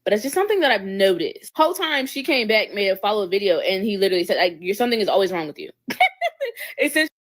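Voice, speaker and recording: Female co-host, rapid talker, chatty slang-filled storytelling. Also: medium pitch, animated. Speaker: livestream co-host. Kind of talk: casual chat.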